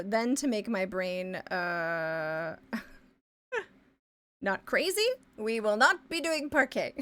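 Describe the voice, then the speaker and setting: A woman from Ontario, chatting casually as a live streamer while she draws. She thinks aloud with many fillers and often trails off into quiet mumbles. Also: on the high side. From Canada, Ontario. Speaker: live streamer and pixel artist. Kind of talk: casual chat while drawing.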